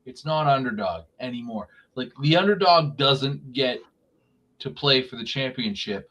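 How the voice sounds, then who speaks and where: A man's voice: mid-range voice, sing-song, moderate pace, a bit bright, breathy edge. Ranting, foul-mouthed man. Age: young adult or middle-aged. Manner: profane, ranting, mocks voices. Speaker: podcast co-host. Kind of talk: casual chat. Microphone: remote podcast mic.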